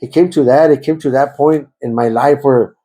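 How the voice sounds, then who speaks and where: A man's voice: medium pitch, normal speed, warm tone, rough recording. A man telling his life story in an interview, emotional and repetitive, slipping into phrases. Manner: emotional, repetitive, switches into Spanish. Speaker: interviewee giving testimony. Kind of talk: conversational personal testimony.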